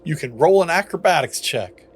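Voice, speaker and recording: A man's voice: fairly high pitch, lively intonation, moderate pace, slight background noise. Young man narrating as game master. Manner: casual, laughing, acts out short lines for the characters.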